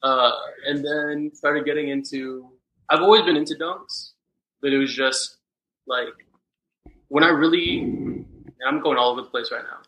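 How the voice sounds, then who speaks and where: A young man from Texas chats as a guest, his voice bright and forward. He wanders through his stories with loose fillers and easy asides. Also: on the high side, normal speed, pauses often, muffled recording. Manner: relaxed, rambling storytelling with many fillers. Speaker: podcast guest. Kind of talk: casual chat.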